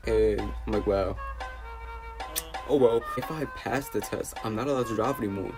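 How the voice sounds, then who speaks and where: A man's voice: fairly low pitch, expressive, brisk, music in the background. A teenage young man from New City, telling an exasperated storytime vlog full of fillers and restarts. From New York City. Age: teens. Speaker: vlogger.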